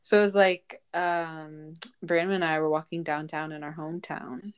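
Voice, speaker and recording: A woman's voice: low voice, little pitch movement, moderate pace, clean tone. A young woman hosting a podcast, telling a story in casual chat, full of fillers and laughs. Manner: chatty storyteller, lots of "like" and laughs. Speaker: podcast host.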